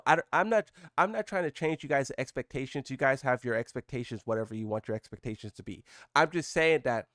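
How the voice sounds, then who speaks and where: A man's voice: mid-range voice, no echo, studio quality. A man hosting a live stream, chatting casually and rambling with his viewers. His voice jumps up when he is surprised.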